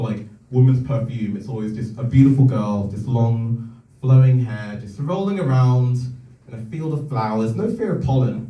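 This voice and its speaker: A young man performing a stand-up comedy set in a comedy club, telling stories with lively energy that climbs into excited shouts, with audience laughter behind him. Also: medium pitch, dull audio. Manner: animated storytelling, rising to shouts in excitement. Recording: echoey room, heard from a distance.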